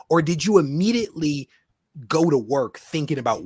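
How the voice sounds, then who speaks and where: A man's voice: mid-range voice, moderate pace, breathy edge, dry recording. Guy hosting a comics chat on a call, voice jumps all over, dry close sound, keeps restarting words. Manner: animated, repeats words, laughs often. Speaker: podcast host. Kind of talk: casual interview chat.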